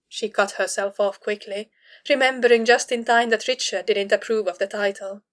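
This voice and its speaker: A woman reads a story aloud in a measured, steady way, like an audiobook narrator. Her voice sits at a middling pitch for a woman. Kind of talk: audiobook reading of fan fiction.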